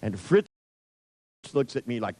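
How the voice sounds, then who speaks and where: A man's voice: medium pitch, big pitch swings, a little slow, warm tone, low-quality recording. A middle-aged man telling an anecdote in a wry, irreverent way, swearing freely. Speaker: storyteller. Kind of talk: profane anecdotal storytelling.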